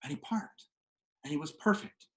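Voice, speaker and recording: A man telling a story to the camera from his home kitchen, animated and swinging from hushed to loud. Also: normal speed. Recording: echoey kitchen room.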